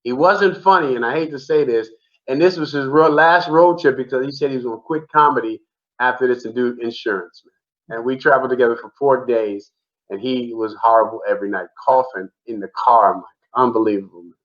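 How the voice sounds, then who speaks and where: A comedian from the Bronx, a man, telling a road story in a casual, animated chat and repeating himself for emphasis. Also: mid-range voice, fairly quick. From the Bronx, New York. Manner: animated, repetitive storyteller saying "man" a lot. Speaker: comedian guest. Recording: dull lo-fi remote audio.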